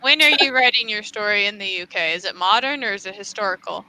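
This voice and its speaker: A woman co-hosting a writing livestream in casual chat, playful and quick to tease. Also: mid-range voice, bright, forceful tone, low-quality recording.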